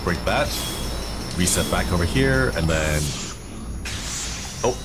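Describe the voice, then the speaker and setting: Male game streamer, low register, very animated delivery, rambling and playful. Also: slow, heavy background noise. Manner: rambling, jokey, easily excited. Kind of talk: casual gameplay commentary.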